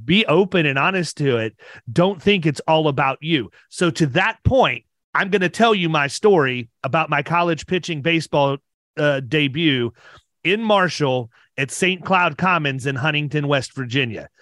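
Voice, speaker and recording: A fairly high-pitched man of around fifty spins casual stories on a podcast. He talks with lots of energy, doubles back on his words and laughs easily, and his voice sounds dry and close with no room around it. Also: lively intonation, moderate pace, a bit bright, no room sound.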